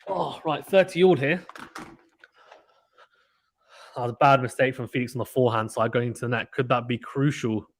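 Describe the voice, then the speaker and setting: A man streams live tennis commentary from home, talking casually into a desk microphone. He is chatty and excitable, jumping up in voice when a player misses. His pitch sits in an ordinary middle range. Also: fast.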